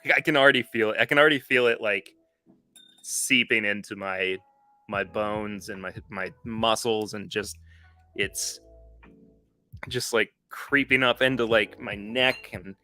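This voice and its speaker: A weary man hosts a live podcast stream and chats loosely with viewers, often stopping to correct himself. His voice sits somewhat low but has a bright, forceful edge. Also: fairly even intonation, measured pace, faint music behind. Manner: rambling, self-correcting, chatty with viewers. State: tired. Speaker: podcast host. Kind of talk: casual live-stream chat.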